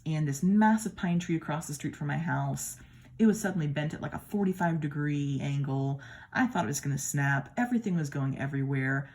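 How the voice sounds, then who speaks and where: Speaking in a low, slightly mellow voice with a Midwestern accent, a tarot deck reviewer chats at home while comparing decks. Her tone is admiring and casual, dotted with playful asides.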